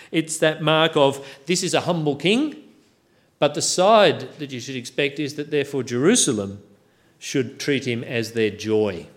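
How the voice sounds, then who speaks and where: A man's voice: medium pitch, unhurried. A man preaching a sermon, walking through a Bible passage with wry, self-deprecating humour.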